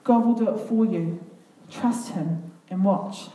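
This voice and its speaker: A woman reading the lines of a calm, reassuring older male prophet in a storybook, with a steady, gentle delivery. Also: mid-range voice, takes it slowly, echoey room, far from the mic, close to an everyday voice, rough recording.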